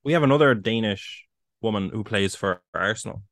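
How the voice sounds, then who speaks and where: A man co-hosting a casual podcast, jumping in with quick, excitable remarks. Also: on the low side, dry recording, clean studio sound. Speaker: podcast co-host. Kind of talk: casual chat.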